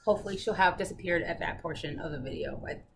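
A woman's voice: lowish voice, fast, fairly bright tone. A young woman hosts a casual stitching update from her living room. She talks like a storyteller and laughs often. A faint hum sits underneath her voice. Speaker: flosstube host. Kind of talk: casual chat.

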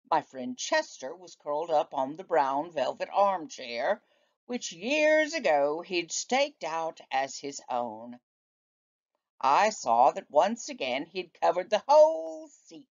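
A woman teacher reading a children's book aloud in a slow, expressive storytelling manner, in a dull lo-fi recording. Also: low voice.

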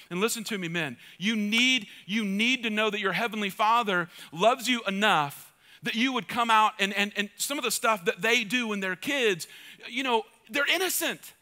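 A middle-aged pastor preaches with a high, bright, sharp-edged voice. He drives his points home by repeating phrases and swings from loud, urgent calls down to quiet, close asides. It is a passionate sermon delivery. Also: moderate pace.

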